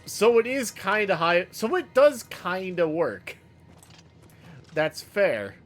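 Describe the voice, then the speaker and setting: A man talking to his viewers while he plays, loose and jokey, wandering from thought to thought. He speaks slowly, with a slightly higher voice than most men, and faint music plays under him. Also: very animated. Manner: rambling, joking, reacting to chat. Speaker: game streamer. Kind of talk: casual live-stream chat with viewers.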